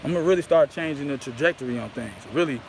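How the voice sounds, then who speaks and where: A man's voice: a little high, quick pace, vocal fry, slight background noise, poor audio. A man rambling grandly and profanely into a handheld phone outdoors, peppering his talk with "you know what I mean". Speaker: vlogger.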